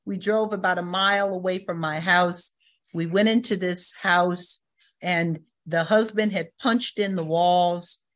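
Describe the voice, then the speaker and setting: Older woman with a low, grounded voice, sharing her recovery testimony as a lively storyteller. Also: measured pace. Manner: storytelling, acts out quoted voices, laughs. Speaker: recovery meeting speaker. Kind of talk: personal testimony talk.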